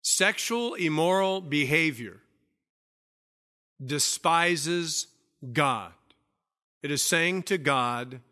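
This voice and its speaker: A male pastor delivers a sermon emphatically, repeating key phrases, posing questions, and dropping to a low, soft voice for emphasis. He speaks very slowly, with long pauses.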